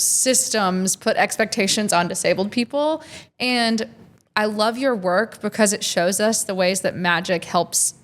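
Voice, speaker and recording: A woman's voice: mid-range voice, fairly bright tone. A woman hosting a podcast, leading an interview with an affirming manner. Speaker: podcast host.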